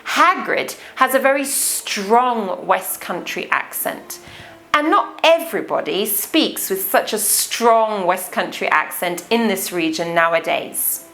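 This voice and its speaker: Slow, careful RP English woman teacher. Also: medium pitch, expressive, a bit bright. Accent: English received pronunciation. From England. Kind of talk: accent lesson.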